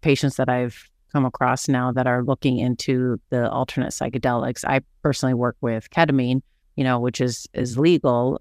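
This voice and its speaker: A man in a mid-range voice hosts a casual interview and stays engaged, steering the talk with follow-up questions. The sound is dry and close, with no room echo. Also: mid-range voice. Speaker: host.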